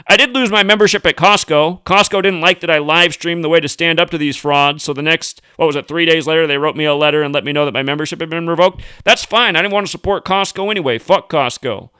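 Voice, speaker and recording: Brief: American man hosting a profane, combative rant vlog; high, sharp voice, smooth and dry. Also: fast, few pauses, no echo. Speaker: host. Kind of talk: ranting video commentary.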